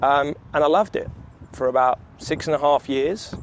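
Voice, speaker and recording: A man's voice: a little high, moderate pace, slight background noise. A man, telling his story in casual chat while walking down a city street, laughing and swearing freely. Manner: laid-back, swears freely, laughs often. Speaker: vlogger, sales coach. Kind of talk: casual walk-and-talk storytelling.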